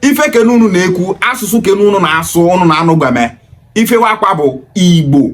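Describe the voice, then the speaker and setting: A man's voice: high-pitched, expressive, brisk. A man with a Nigerian accent giving an emphatic, preachy monologue full of rhetorical questions. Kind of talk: impassioned monologue in Pidgin and Igbo.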